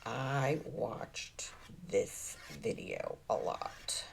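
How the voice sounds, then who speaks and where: A woman narrates her crafting in a slow, unhurried way, her voice low and gravelly. She mutters wry, self-mocking asides to herself as she works. A steady hiss of background noise sits under the recording. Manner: drops into soft asides while working. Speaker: crafting vlogger. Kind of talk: casual narration while crafting. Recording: noisy background.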